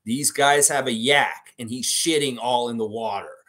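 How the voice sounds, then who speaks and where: A man voicing a furious male lifeguard who yells indignantly at people in his lake. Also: mid-range voice, normal speed, natural voice. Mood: urgent. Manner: yelling, indignant.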